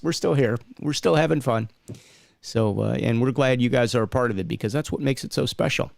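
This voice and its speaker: Gravelly guy cohosting a live stream, chatty, keeps plugging the channel, dry mic. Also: mid-range voice, brisk, no echo. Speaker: co-host of a referee talk stream. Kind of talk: casual live-stream chat.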